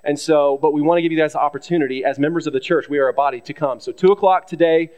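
Fast-talking earnest male pastor. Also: fairly high pitch, a little mellow. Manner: earnest, many fillers and restarts, asks "right?" often. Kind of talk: church announcement from the pulpit. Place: church sanctuary.

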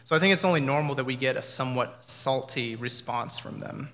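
A man delivers a sermon in a bright, forceful voice, talking it through conversationally and reflectively. His words carry a long reverb, as if spoken in a large hall. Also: medium pitch, a little fast, few pauses. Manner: conversational, reflective, with imagined dialogue. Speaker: pastor.

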